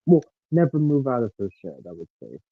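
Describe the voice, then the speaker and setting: A man's voice: medium pitch, huge pitch swings, brisk, no echo. A man chatting casually with a friend, giving short, hesitant replies. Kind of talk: casual chat. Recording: muffled lo-fi line with faint noise and clicks.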